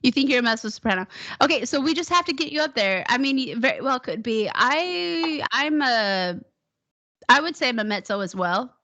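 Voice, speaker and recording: A woman teaching a one-on-one singing lesson, encouraging her student and demonstrating high whoops. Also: expressive, brisk, pushed and bright, lo-fi sound, a little hiss or hum.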